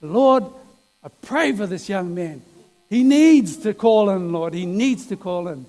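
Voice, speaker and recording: A man voicing an impassioned man who pleads loudly with God. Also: sits high, lively intonation, a little slow, faint music behind. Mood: pleading. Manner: impassioned, pleading, loud outbursts. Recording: echoey hall.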